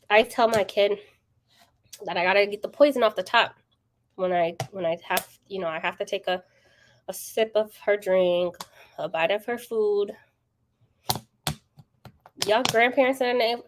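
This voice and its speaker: A woman's voice: fairly high pitch, measured pace, pauses often. A woman hosting a casual book livestream, chatting to viewers, greeting them by name and laughing often. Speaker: book channel host.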